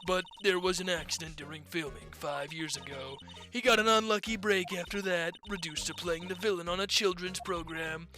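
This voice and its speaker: A man's voice: sits high, moderate pace, few pauses, bright, forceful tone, soft background music. A man putting on a grumpy gossipy old woman guard. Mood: gossiping. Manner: nagging, scolding, rambling. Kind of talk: fan voicing a game aloud.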